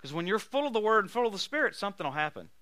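A man preaching with a high, bright, forceful voice, recorded close and dry with hardly any room sound. He tells healing stories in an animated way, laughing along and breaking into loud emphatic bursts. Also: racing, dry recording. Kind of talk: sermon with healing testimonies.

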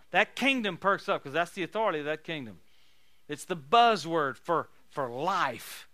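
A man preaching a sermon, telling stories in an animated, folksy way and laughing often. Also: a little high, moderate pace, no room sound. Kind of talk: sermon with storytelling.

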